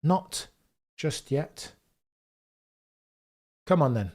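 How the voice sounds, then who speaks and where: A livestream host from the Birmingham area of England, mildly Brummie in accent, talks with viewers during a casual watchalong, reading out their comments and adding wry asides. His voice is medium-pitched and darkish, at a moderate pace.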